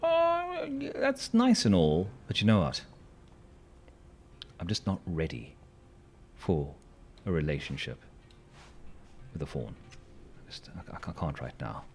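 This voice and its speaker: A hoarse man chatting casually while streaming a game, playful and rambling, with silly sing-song asides. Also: a bass voice, very animated, a little slow, pauses often, darkish tone, soft background music.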